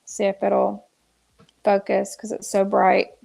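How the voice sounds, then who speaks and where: Gravelly exasperated woman streamer. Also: medium pitch, monotone, takes it slowly, darkish tone. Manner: exasperated, ranting, frequent restarts. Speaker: drama commentary streamer. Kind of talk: live stream commentary.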